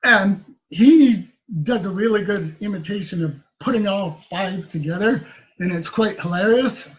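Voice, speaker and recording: A man's voice: high-pitched, a little slow, lo-fi sound. A man giving casual self-help advice to the camera, chatty and tagging many sentences with a questioning "right?". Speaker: self-help video host.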